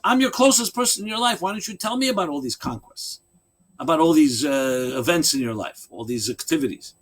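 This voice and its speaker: A man's voice: on the high side, expressive, fairly quick, slightly rough. A man voicing a frustrated wife who lays out her grievances in a pleading tone. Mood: aggrieved.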